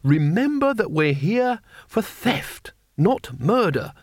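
A man voicing a mild, precise older male schoolteacher who talks slowly and carefully. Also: mid-range voice, very animated, a bit bright, no echo, studio quality, full character voice. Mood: coaxing.

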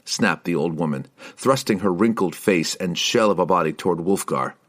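A man narrating an audiobook in an expressive reading style. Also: sits low, normal speed. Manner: expressive reading, shifting into character voices.

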